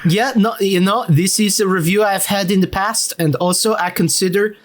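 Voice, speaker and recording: A man with a high voice plays his character in a tabletop game. He rambles, hedges and fills pauses as he talks. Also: steady tone. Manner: rambling, hesitant, with many fillers. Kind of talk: in-character role-play.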